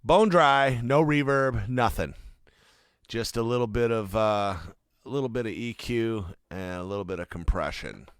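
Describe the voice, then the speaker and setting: A man's voice: lowish voice, measured pace, clean tone, no room sound. A man producing music, giving a casual, chatty walkthrough of a song's mix in his studio. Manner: laid-back, chatty, friendly tour of a mix.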